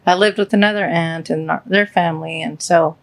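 A woman talks with her spouse on a casual podcast. Her speech is halting and emotional, full of pauses and restarts. Her voice carries a gravelly vocal fry. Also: on the low side, fairly even intonation. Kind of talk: casual heartfelt podcast chat.

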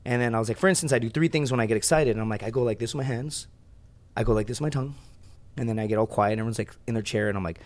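Guest storyteller, man, rapid-fire, profane, mid pitch. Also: darkish tone. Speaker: guest, reality show contestant. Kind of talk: casual podcast chat.

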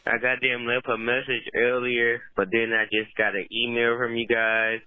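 A man's voice: medium pitch, completely flat delivery, normal speed, clear, resonant tone, no room sound. A young man leaving a brash, profane, teasing voicemail for a podcast as a caller. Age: young adult. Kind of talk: casual voicemail message. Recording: tinny phone voicemail.

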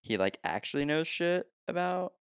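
A man's voice: on the high side, very animated, moderate pace, a bit bright, clear, resonant tone, no echo, clean studio sound. A young man co-hosting a casual movie podcast, joking, swearing and laughing often. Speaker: podcast co-host.

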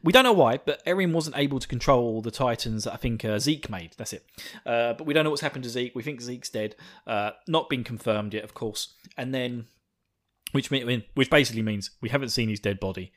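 A man hosting a podcast, chatting in a rambling, excitable way with laughs and swearing. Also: mid-range voice, fairly quick. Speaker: podcast host. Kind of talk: casual podcast chat.

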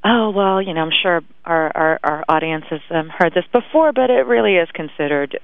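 A woman's voice: fairly low pitch, animated, normal speed, creaky, dry recording. Laughing woman guest on a tinny phone line. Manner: chatty, laughing, hesitant restarts. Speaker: guest, magazine editor. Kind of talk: casual interview.

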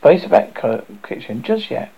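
Gravelly man reading a wry memoir. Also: on the high side, very animated, normal speed, lo-fi sound. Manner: wry, self-mocking. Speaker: narrator.

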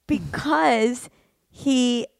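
A young woman who does stand-up comedy, co-hosting a casual podcast and telling an animated, chatty story. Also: on the high side, very slow, gravelly, no echo, clean studio sound.

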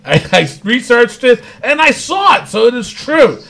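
A man's voice: extremely high pitch, big pitch swings, a little slow, gravelly, sharp tone. A man co-hosting a podcast, chatting casually and rambling through a wrestling recap with frequent restarts. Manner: rambling, restarts, laughs often. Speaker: podcast co-host.

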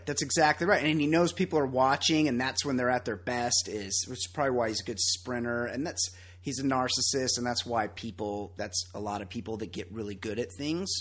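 A man co-hosting a podcast in casual banter, loud, opinionated and profane, often laughing. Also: mid-range voice, slightly rough. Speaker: podcast co-host.

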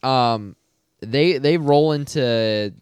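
A man's voice: medium pitch, very slow, clean tone, no echo. A man co-hosting a casual sports podcast, rambling and swearing freely. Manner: profane, rambling, emphatic. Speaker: podcast co-host.

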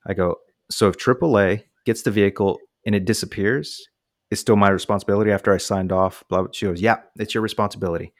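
Low-voiced American man telling a story. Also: a little fast, no room sound, clean studio sound. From United States. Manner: animated anecdote with voiced quotes. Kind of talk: casual storytelling.

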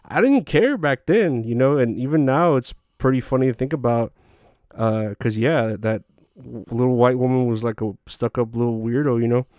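A man's voice: mid-range voice, darkish tone, clear, resonant tone, no room sound, studio quality. A young man hosting a podcast, telling crude, self-deprecating comic stories in a rambling way. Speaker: podcast host. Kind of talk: rambling comedic monologue.

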